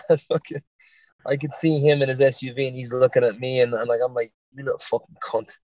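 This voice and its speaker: A man's voice: medium pitch, fairly even intonation, fairly quick, a little mellow, no echo. An Irish man with a light Dublin accent that has a touch of Boston in it. He is a podcast guest telling stories in a rambling, profane way and laughs often. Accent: Irish, Dublin leaning, slight Boston. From Ireland. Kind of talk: casual interview chat.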